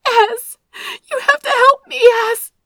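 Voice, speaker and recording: A woman doing a high, pleading younger woman. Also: sing-song, unhurried, dry recording, clean studio sound. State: crying.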